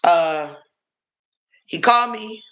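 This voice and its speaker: A middle-aged woman from Washington, D.C., gives an emotional personal testimony on a livestream. She speaks slowly, and her voice has a bright, forceful edge. She talks to her viewers directly, earnest and confiding. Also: lowish voice, animated. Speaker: livestream host sharing her story.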